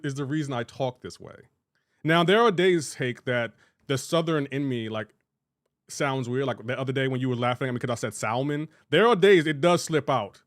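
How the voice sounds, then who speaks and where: Guy from delaware rambling to his stream chat, mid pitch, dry close sound. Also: no echo. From Delaware, USA. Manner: chatty, rambling, restarts sentences, answers chat. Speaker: game streamer. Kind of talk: casual live-stream chat.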